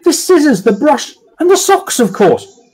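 A man voicing a tipsy, flustered village police sergeant who shouts in a high, panicky voice. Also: sing-song, measured pace, full character voice. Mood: insistent.

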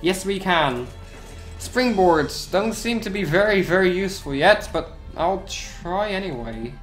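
Excitable man commentating gameplay over music. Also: sits high. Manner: excitable, talks to himself, repeats phrases, sudden yelps.

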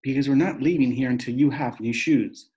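A man's voice: medium pitch, brisk, dark tone, natural voice. A man voicing a worried, fussy mother who frets and stammers. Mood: firm. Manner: fretful, flustered, stammering.

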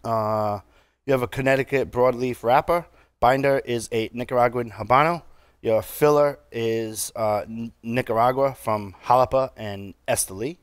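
A man with a New England accent co-hosting a casual chat, relaxed and halting with lots of fillers. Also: mid-range voice, clean tone, dry recording. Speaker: podcast co-host.

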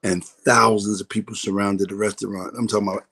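Low-voiced comedian telling a story. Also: male voice, flat delivery, brisk, creaky, pushed and bright, husky. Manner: candid storyteller, swears freely, acts out quoted voices. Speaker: comedian guest. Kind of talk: casual interview storytelling.

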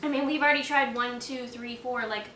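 A woman's voice: fairly high pitch, steady tone, brisk, a bit bright, echoey room, far from the mic, slight background noise. A woman from the United States chatting casually at home during a candy taste test, eager and enthusiastic and sometimes talking while she chews. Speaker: channel host.

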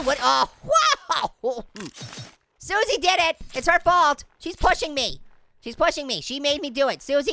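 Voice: pushed and bright, slight background noise. A performer voicing a hyperactive, wisecracking cartoon orange, joking and punning through game commentary. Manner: goofy, punning, giggly, high-energy. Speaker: gaming let's-play host. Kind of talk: let's play game commentary.

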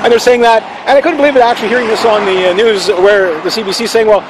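A man's voice: sits high, steady tone, fast talker, noisy background. A man giving a casual, opinionated video monologue, rambling with frequent restarts and fillers. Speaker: vlogger.

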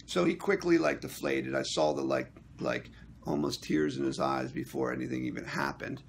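A man's voice: on the high side, fairly quick, gravelly, a little hiss or hum. A man, an actor and union member, recapping a meeting in a casual vlog, acting out what others said as he tells it. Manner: animated storytelling, acting out quotes.

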